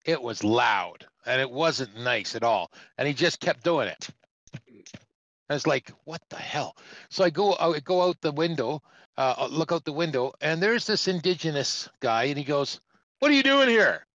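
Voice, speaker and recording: A man's voice: a little high, normal speed, a bit bright, dry recording, dull audio. A middle-aged man, a truck driver, telling a rambling story in a casual way and acting out the other people's voices. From Canada.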